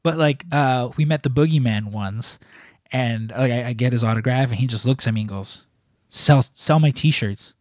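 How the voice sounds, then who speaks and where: A man chats casually and rambles as he tells his stories, with lots of filler words. His voice sits in a middle pitch. It is recorded close and dry, with no room sound. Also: fairly quick, darkish tone, dry recording. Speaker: wrestling merchandise shop employee asking questions. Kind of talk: casual chat.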